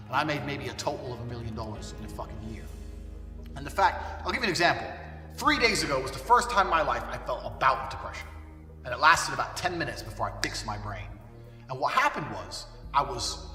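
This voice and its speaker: A man delivering a blunt, profane ranting monologue, his delivery forceful and swinging between loud and quiet. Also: mid-range voice. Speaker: commentator on culture. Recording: distant, echoey room with long reverb and faint music.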